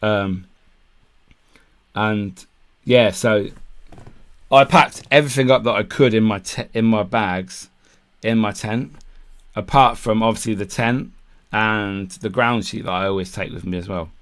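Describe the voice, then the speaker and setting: A man's voice: fairly low pitch, a little slow, pauses often, fairly bright tone, clean tone. A man co-hosting a podcast, telling a long camping story in casual chat, swearing freely and acting out what people said. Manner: swears freely, acts out quotes, laughs mid-story. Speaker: podcast co-host.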